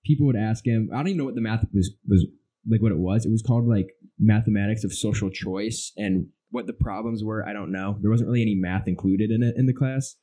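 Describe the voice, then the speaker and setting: A man's voice: lowish voice, quick pace, warm tone. A young man co-hosting a podcast in casual chat, rambling through stories and acting out his own reactions. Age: young adult. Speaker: podcast co-host.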